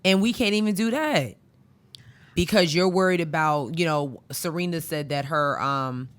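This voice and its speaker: Speaking at a moderate pace, this podcast co-host has a low-pitched, clear, resonant voice. Her casual chat is reflective and conversational, and she leans heavily on the points that matter.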